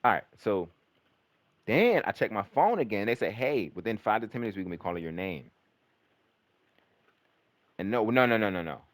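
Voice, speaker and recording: A young man with a low voice tells a long, winding story in casual conversation, his pitch leaping around as he gets worked up. He swears freely and piles on fillers and restarts. The sound is close and dry. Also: normal speed, long pauses, no echo. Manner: animated, profane, rambling with fillers.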